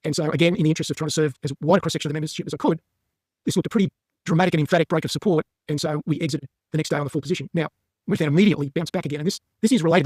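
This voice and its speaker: A man giving members a brisk, emphatic market update while walking through stock charts. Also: on the high side, a little mellow, slightly rough, dry recording, studio quality. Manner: brisk and emphatic, plain-spoken.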